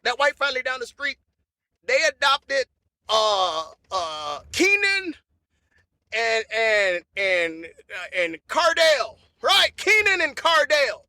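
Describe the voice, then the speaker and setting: Very high, bright-voiced man riffing comedy. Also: slow, dry recording. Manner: animated, repeats phrases, bursts of laughter. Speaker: comedy podcast host. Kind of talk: loose comedic monologue.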